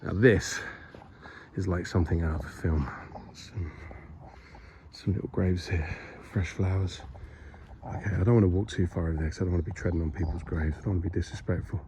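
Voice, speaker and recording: A man's voice: sits low, fairly even intonation, brisk, noisy background. Breathless man vlogging outdoors. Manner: chatty, rambling, self-mocking. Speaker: vlogger exploring a historic site. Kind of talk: casual walking vlog. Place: outdoors on a hilltop by a graveyard. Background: birdsong.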